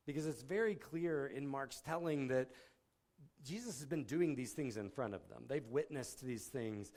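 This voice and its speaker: Guy preaching casual-style, restarts a lot, voices the characters in quick asides. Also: medium pitch. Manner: conversational, with filler words and restarts, acting out quotes. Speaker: pastor. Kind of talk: sermon.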